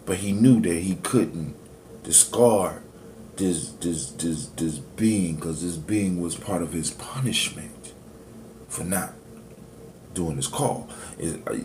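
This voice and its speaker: A man's voice: low-pitched, darkish tone, slight background noise. A man teaching in a preachy, motivational way and speaking straight to his listeners as family. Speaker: spiritual teacher.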